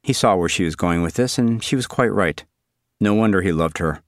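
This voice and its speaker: A man narrating an audiobook in a dry, deadpan, wry manner. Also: deep voice, a little fast, no echo.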